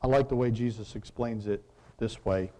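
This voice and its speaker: A man's voice: fairly low pitch, moderate pace, mellow. A man preaching a conversational sermon, reading scripture and asking his listeners questions. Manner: conversational, asks the audience questions.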